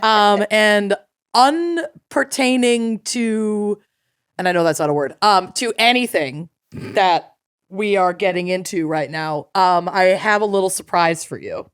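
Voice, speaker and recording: A woman's voice: medium pitch, unhurried, clear, resonant tone, dry recording, clean studio sound. A woman co-hosting a podcast, chatting casually and joking, often laughing. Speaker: podcast co-host. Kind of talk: casual chat.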